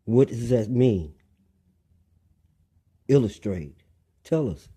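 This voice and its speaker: A man's voice: medium pitch, expressive, slow pace, warm tone, husky. A man delivering a rambling monologue, lecturing listeners, repeating phrases and asking them pointed questions.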